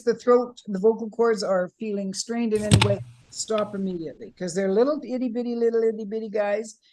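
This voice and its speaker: A woman's voice: mid-range voice, darkish tone. A woman from Canada teaching a voice workshop over a video call, guiding breathing exercises and demonstrating vocal sounds. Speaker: voice coach. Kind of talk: online workshop instruction.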